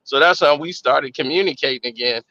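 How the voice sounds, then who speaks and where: A man's voice: on the high side, fairly quick, pushed and bright, dry recording, highs cut off. A man co-hosting a podcast, telling dating stories in casual chat. He laughs often and acts out quoted dialogue. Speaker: podcast co-host.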